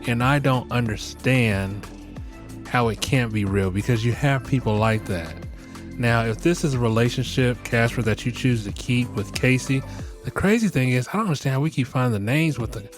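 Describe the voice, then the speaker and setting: A middle-aged man hosting a podcast, joking and ranting with profanity, often breaking into laughter. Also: medium pitch. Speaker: podcast host. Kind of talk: casual podcast commentary.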